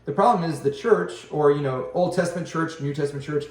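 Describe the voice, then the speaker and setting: A pastor talking through scripture in a relaxed, chatty way, with a fairly high voice for a man. He livens up and puts on little voices to act out what people say. He sits back from the mic in a roomy space with a lot of echo. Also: fairly quick. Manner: lively, slips into voices when quoting people. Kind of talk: casual Bible discussion. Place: room at home. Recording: roomy, distant home recording.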